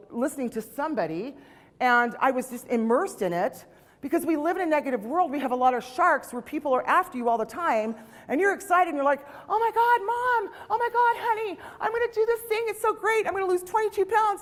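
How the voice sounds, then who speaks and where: A woman's voice: high voice, big-room sound. A woman in her late fifties giving a chatty, self-deprecating motivational talk on stage, acting out the voices she quotes. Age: 50s. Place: stage in a large hall.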